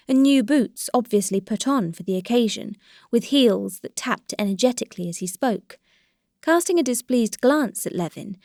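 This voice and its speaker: A woman narrating a classic novel as an audiobook in a steady, even storytelling voice. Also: medium pitch, no echo, studio quality. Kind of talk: scripted narration.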